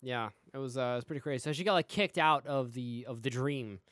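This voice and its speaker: A man's voice: mid-range voice, quick pace, a bit bright, no echo, clean studio sound. A man co-hosting a casual review chat, retelling scenes loosely with swearing. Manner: loose, profane retelling with quoted voices. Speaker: podcast co-host reviewing a show.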